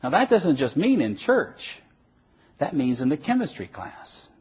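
A man's voice: fairly high pitch, a little slow, slightly rough. A middle-aged man preaching a sermon in an emphatic way, asking questions and then answering them himself. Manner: animated, emphatic, asks and answers his own questions. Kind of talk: sermon lecture. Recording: dull lo-fi recording.

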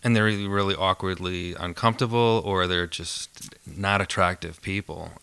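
A man with a low, gravelly voice and a bright, forward tone speaks as a podcast guest. He talks in a relaxed, thoughtful way and tells amused stories. The sound is close and dry. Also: moderate pace, no room sound. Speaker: photographer and filmmaker guest. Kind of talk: casual podcast interview.

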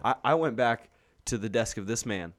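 A man co-hosting a podcast, telling stories in animated, slangy, profane banter. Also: medium pitch, normal speed. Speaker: podcast co-host.

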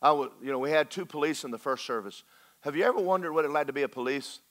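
Pastor, male, folksy sermon delivery with jokes and drawn-out emphasis. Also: on the high side, a bit bright. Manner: preacherly, folksy and joking, slows for emphasis.

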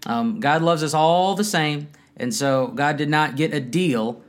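A man in his thirties co-hosting a casual faith-based marriage talk at home, animated and laughing often as he acts out quotes. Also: fairly high pitch, measured pace. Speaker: podcast co-host. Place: home room, kids nearby.

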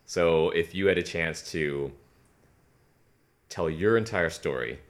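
Very deep-voiced laid-back man. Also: slow. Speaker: podcast host. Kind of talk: casual interview.

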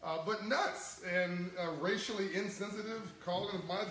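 A man hosting a livestream in a casual, animated and folksy way, chuckling as he talks to his viewers. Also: high voice, normal speed, echoey room, slight background noise, rough recording. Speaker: livestream host.

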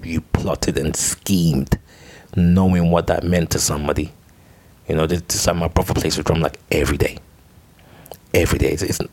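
A young podcast host tells a story on his own in a very low, darkish voice with a breathy edge, tripping over repeated words and cursing along the way. The recording is dry and close, with no echo or room sound around him.

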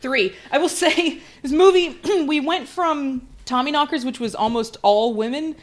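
A woman with a fairly high voice talks through a movie in relaxed podcast chat. She is wry and chatty and drops a casual swear now and then. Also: measured pace. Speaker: podcast co-host.

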